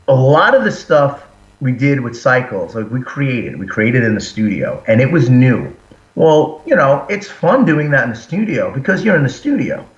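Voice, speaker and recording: Animated man talking shop, roomy lo-fi line. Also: mid-range voice, moderate pace. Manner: animated storyteller, acts out quotes. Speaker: band singer and frontman, guest. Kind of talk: casual interview chat. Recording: roomy, dull lo-fi sound.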